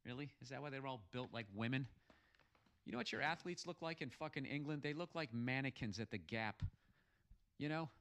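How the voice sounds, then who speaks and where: A man from the United States hosts a podcast and tears through listener messages in a heated, sarcastic comic rant. He swears constantly. His voice is bright and cutting, sitting at an ordinary middle pitch. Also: a little fast. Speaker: podcast host.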